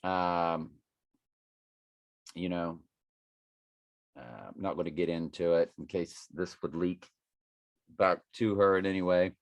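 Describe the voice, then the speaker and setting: Deep-voiced man preaching prophecy. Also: slow, pauses often, dry recording. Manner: rambling, jumps between numbers and scripture. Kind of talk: rambling prophecy monologue.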